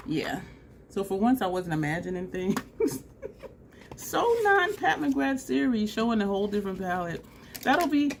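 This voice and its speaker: A woman's voice: mid-range voice, creaky, darkish tone, slight background noise. A woman chatting casually in a makeup vlog at home, laughing and trailing off mid-sentence. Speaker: beauty vlogger.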